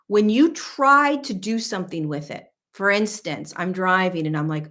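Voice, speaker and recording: A woman's voice: mid-range voice, normal speed, few pauses, a bit bright. A woman in her thirties, a spiritual teacher, talking casually and animatedly, acting out her own inner voice with frank, mild swearing. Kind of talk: casual talk to camera.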